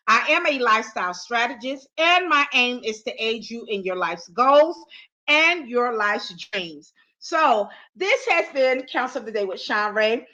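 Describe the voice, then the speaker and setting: A woman's voice: fairly high pitch, low-quality recording. A woman hosting a live online counseling talk as a Christian counselor, speaking earnestly and often restarting her words. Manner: earnest, repeats and restarts words, warm emphatic preaching tone. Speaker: Christian counselor and show host.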